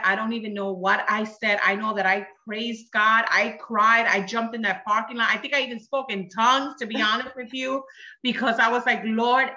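A woman in her thirties, a guest sharing her personal testimony, telling her story with animated quoted dialogue. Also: fairly high pitch, roomy sound, muffled recording.

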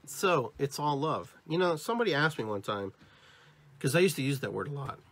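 A husky-voiced man hosting a spiritual podcast, talking straight to his listeners. His pitch swings up and down as he hammers home each point through repetition. He sounds like a motivational talk. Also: sing-song, brisk, a bit bright. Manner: emphatic and repetitive, addresses listeners directly; acts out different tones of voice as examples. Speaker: podcast host.

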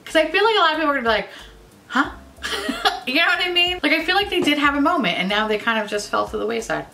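A woman's voice: sits high, animated, racing, creaky, sharp tone, faint music behind. A woman beauty vlogger in casual, profane, bubbly chat reviewing makeup.

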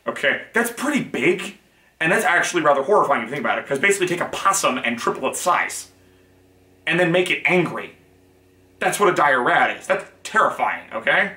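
This channel host has a fairly high voice with big pitch swings, a brisk pace, and a sharp tone. He rambles frankly through a casual monologue, often correcting himself, and the room echoes.

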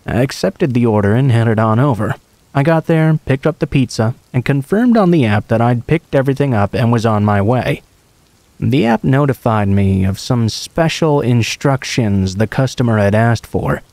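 A man reading true horror stories aloud in a calm, even storytelling manner. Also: mid-range voice, dry recording. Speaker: narrator. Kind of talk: scripted narration of horror stories.

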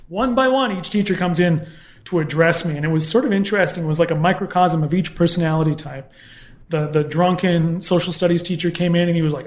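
A man's voice: a little high, quick pace. A man telling a story in a casual interview, bringing it to life by acting out other people's voices. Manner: animated anecdote with mimicked voices. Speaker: guest, comedy historian.

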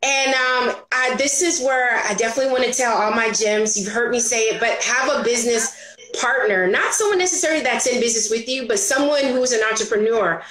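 A high-pitched woman speaking as an interview guest, lively and expressive, often slipping into playful voices for the people she quotes. Her voice carries a roomy echo. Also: brisk. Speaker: entrepreneur guest. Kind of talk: animated storytelling interview.

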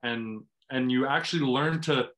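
A man of middle pitch talks through a mental routine for athletes in an earnest, coaching way. He keeps restarting phrases as he goes, and the sound comes through a video call. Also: normal speed, a bit bright. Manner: earnest, restarts phrases, acts out inner self-talk. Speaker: guest, former pro volleyball player. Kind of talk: explaining mental training in conversation.

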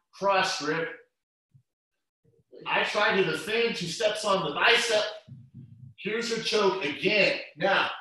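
Bjj instructor guy, bright high voice, echoey room and mic way off. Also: distant mic. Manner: steady step-by-step coaching, addresses students as guys. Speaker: jiu-jitsu instructor. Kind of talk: live class instruction over video call.

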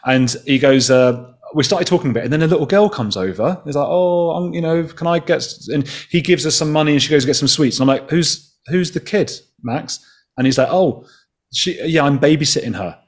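A man's voice: a little high, brisk. A man in his thirties, a journalist guest on a podcast, telling a story casually, swearing freely and acting out the dialogue. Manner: swears freely, animated retelling with quoted dialogue.

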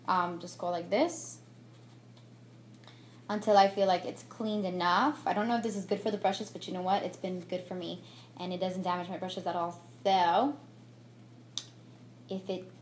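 Her voice is lowish, with a little hiss or hum on the recording. The young beauty vlogger does her makeup in a get-ready-with-me chat, captured by a tripod camera mic, speaking candidly and reflectively amid lots of fillers and restarts.

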